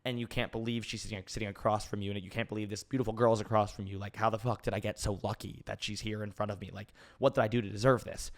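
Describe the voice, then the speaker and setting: A man's voice: lowish voice, flat delivery, fast talker, hardly any pauses. A man in his twenties hosting a casual podcast Q&A, rambling openly with many fillers and restarts. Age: 20s. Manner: open and emotional, laughs easily. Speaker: podcast host. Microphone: podcast mic.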